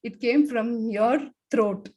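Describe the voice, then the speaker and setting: A woman leading a guided laughter exercise on a video call, talking with many fillers and demonstrating laughter sounds in loud bursts. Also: on the high side, slow pace. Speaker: laughter yoga expert.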